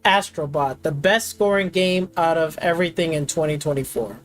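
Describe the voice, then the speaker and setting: A man's voice: fairly high pitch, normal speed. A man hosting a gaming stream, ranting in an exasperated, mocking way and swearing constantly. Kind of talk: profane casual rant.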